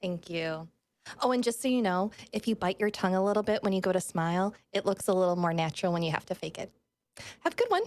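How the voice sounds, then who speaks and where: A woman's voice: medium pitch, fairly even intonation, rapid-fire, hardly any pauses, a little mellow. Breezy woman player in a tabletop game. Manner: breezy, casual, chatty. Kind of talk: tabletop role-play.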